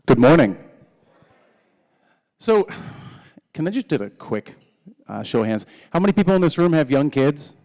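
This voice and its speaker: A man's voice: fairly high pitch, sing-song, normal speed, pauses often, a little mellow, dry recording. A man in his thirties giving a conference keynote, telling jokes in a chatty storytelling way. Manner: joking, conversational storyteller. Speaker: keynote speaker.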